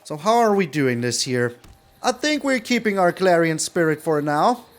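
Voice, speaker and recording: A man giving live gameplay commentary as a card game streamer, animated and repeating his phrases with lots of mild swearing. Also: fairly high pitch, moderate pace.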